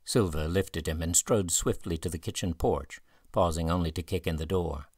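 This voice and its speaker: A man narrating a southern gothic audiobook in an even, measured way. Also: deep voice, husky, dry recording, studio quality. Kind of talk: scripted narration.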